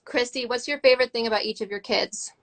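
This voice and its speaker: A woman's voice: fairly high pitch, fairly even intonation, quick pace. A woman chatting casually and asking the questions, upbeat, with lots of filler words. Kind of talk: casual livestream chat.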